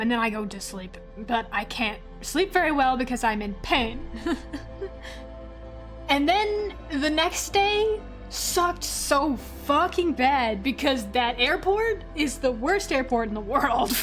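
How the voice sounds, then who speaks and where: Woman streamer, high voice, swears freely, laughs through her story, faint music behind. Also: fairly bright tone. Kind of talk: casual storytelling while drawing on stream.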